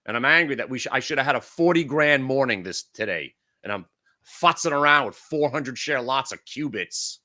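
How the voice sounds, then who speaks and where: A man's voice: medium pitch, animated, normal speed, sharp tone. A middle-aged man hosting a live stock trading room, ranting frantically with lots of swearing. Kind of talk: live market commentary.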